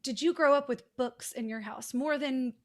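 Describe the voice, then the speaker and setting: A woman's voice: high-pitched, normal speed. A woman hosting a podcast, explaining ideas in a teacherly way in long, flowing sentences. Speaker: podcast host. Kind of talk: casual conversational interview.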